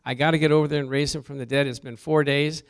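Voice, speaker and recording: A man voicing a harried adult man who frets and complains about a packed schedule, in a rushed way. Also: a little high, fairly even intonation, clear, resonant tone, natural voice. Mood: fretful.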